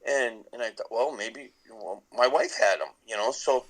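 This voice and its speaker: A middle-aged man tells a long story on a podcast in a loose, rambling way. He restarts his sentences again and again, and his voice sits at an ordinary middle pitch. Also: moderate pace, poor audio. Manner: rambling with many restarts and laughs. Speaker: podcast guest, musician. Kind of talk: casual storytelling.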